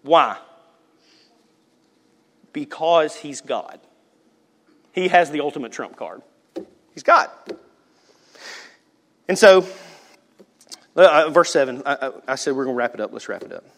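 A man preaching a sermon, swinging between loud, animated passages and hushed asides. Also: fairly high pitch, a little slow, pauses often. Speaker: pastor.

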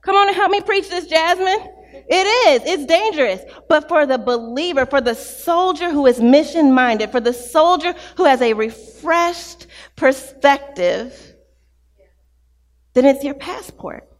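High-voiced woman pastor preaching. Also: unhurried, in a large hall. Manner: animated, storytelling with acted-out quotes. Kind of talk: sermon.

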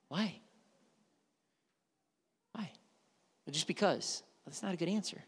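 Gravelly-voiced preacher in an echoing hall. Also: male voice, high-pitched, animated, slow, pauses often. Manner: conversational preaching with many restarts. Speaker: pastor. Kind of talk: sermon.

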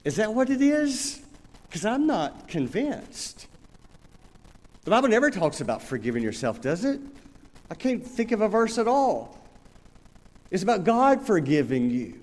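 A man's voice: sits high, big pitch swings, a little slow, long pauses, big-room sound. An older man preaching a sermon, telling stories and acting out little dialogues in a conversational way. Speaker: pastor.

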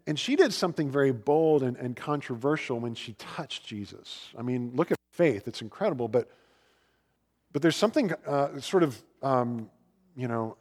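A man preaching a sermon in a conversational, storytelling way, with fillers and lively asides. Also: medium pitch, in a large hall. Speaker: pastor.

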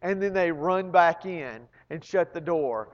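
A man's voice: a little high, lively intonation, unhurried. Male pastor, sermon storyteller who repeats words as he restarts, muffled recording in a large echoing church hall. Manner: storytelling, building to loud emphatic peaks. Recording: long reverb, dull lo-fi sound.

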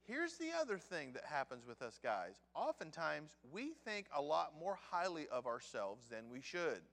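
A man's voice: fairly high pitch, sing-song, normal speed, vocal fry, fairly bright tone. A man preaching a sermon in a conversational, storytelling way, talking straight to the men in the room. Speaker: pastor. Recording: long hall reverb.

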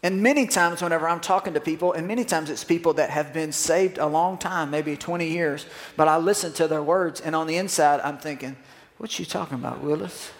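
A man's voice: on the high side, a little fast. A man, preaching a sermon as pastor and asking the congregation to respond. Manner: animated, call-and-response with congregation. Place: church sanctuary. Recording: long hall reverb.

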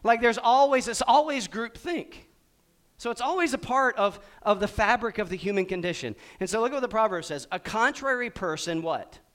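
A middle-aged man preaching a sermon, quizzing his congregation and acting out little scenes with big swings in pitch and volume. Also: normal speed. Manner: animated, asks the congregation questions. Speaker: pastor.

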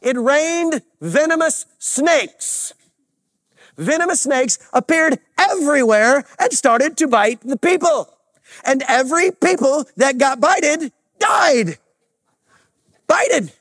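A man with a very high voice preaching a sermon in unhurried, drawn-out phrases. He trades call-and-response with his congregation and slips in comic asides. The sound is close and dry. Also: animated, fairly bright tone, no room sound. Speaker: pastor. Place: church sanctuary with congregation.

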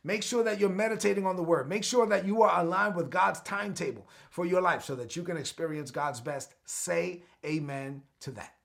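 A man's voice: sits high, normal speed, creaky, few pauses. A man preaching an online devotional sermon, exhorting his listeners and calling on them to answer back. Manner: exhorting, calls for responses. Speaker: pastor.

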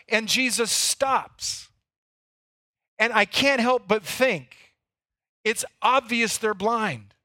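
A man's voice: extremely high pitch, extremely slow, pauses often, pushed and bright, no echo, studio quality. A man preaching a sermon, telling the story earnestly and sometimes repeating words as he goes. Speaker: pastor.

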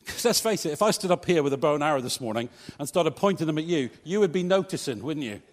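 A male pastor preaches to his congregation in a church, his voice a touch higher than most men's. He speaks in a conversational way and slips in light jokes. The sound carries a long reverb from the hall. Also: lively intonation, fast. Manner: conversational, humorous asides to congregation. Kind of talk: preached sermon.

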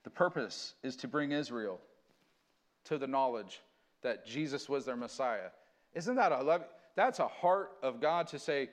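A man preaching a sermon, switching between earnest conversational teaching and slow, dramatic scripture reading. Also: medium pitch, lively intonation. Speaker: pastor.

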